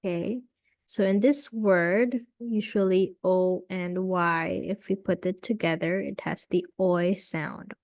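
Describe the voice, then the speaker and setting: A woman teaching English vowel sounds in a slow, patient lesson, repeating each sound and saying "okay" often. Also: lowish voice, steady tone, dry recording, clean studio sound.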